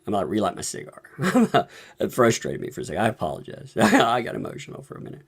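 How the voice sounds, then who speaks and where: Male live-stream commentator, lively pitch swings, profane, exasperated rants, laughs often. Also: quick pace, slightly rough.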